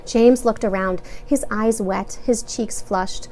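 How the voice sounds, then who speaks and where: A woman teacher reading a children's novel aloud in an expressive way. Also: medium pitch, slow pace, a little hiss or hum. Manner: expressive, animated read-aloud.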